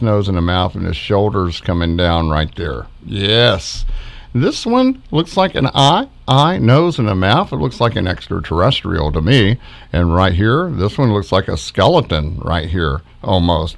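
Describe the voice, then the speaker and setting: A man's voice: on the low side, gravelly. A middle-aged man casually narrating his backyard footage as a ufology vlogger, chuckling often as he points out faces in orbs.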